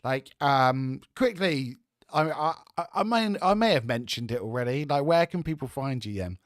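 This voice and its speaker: A man hosts a relaxed football chat, friendly and rambling with fillers. His voice sits at a middle pitch. The sound is dry and close. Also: moderate pace, dry recording. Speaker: host. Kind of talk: casual chat.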